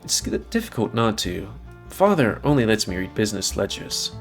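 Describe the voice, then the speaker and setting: A man's voice: lowish voice, very animated, moderate pace, faint music behind. A man voicing a polite, eager young grandson who keeps addressing his elder as sir.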